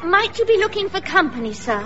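A woman playing a brash Cockney wife touting for customers, loud and bawdy, in a radio comedy. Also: very high-pitched, big pitch swings, fairly quick, dull audio, faint music behind, full character voice. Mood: saucy.

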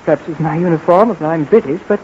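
A man's voice: on the high side, quick pace, darkish tone, close to an everyday voice. A man playing a young pilot hero who puts on a jaunty, clipped British manner with slang like jolly and old chap, in 1940s radio acting style. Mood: breezy. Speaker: radio drama lead. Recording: muffled old radio recording with faint hiss.

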